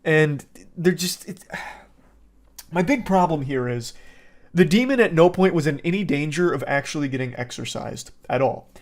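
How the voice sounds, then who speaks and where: A man gives a casual, sarcastic rant as a movie reviewer. He sounds exasperated and swears freely. His voice sits a little higher than most men's. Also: animated, moderate pace. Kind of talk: casual ranting commentary.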